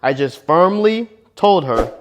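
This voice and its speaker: A man's voice: a little high, big pitch swings, slow, lo-fi sound, slight background noise. A young man, a married relationship vlogger, giving casual advice and telling a story, slangy and punchy, dropping bro and man.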